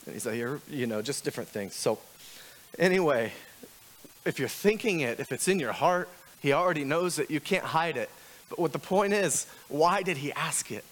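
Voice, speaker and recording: A man's voice: fairly high pitch, animated, moderate pace, fairly bright tone. A man preaching a sermon as pastor, talking candidly and conversationally with frequent restarts, building to emphatic questions.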